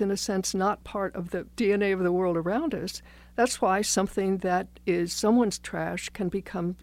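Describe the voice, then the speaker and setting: Radio guest: woman academic, gravelly fry in her voice, dry close sound, musing and wry. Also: medium pitch, darkish tone, no echo. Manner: reflective, wry, digressive. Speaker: philosophy professor, radio guest. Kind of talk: thoughtful conversational explanation.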